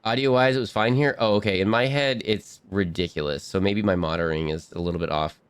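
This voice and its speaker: A man's voice: lowish voice, fairly even intonation, quick pace, clean tone, no room sound. Bubbly, rambling male streamer. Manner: rambly and bubbly, restarts a lot. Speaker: game streamer. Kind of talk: casual live stream chat.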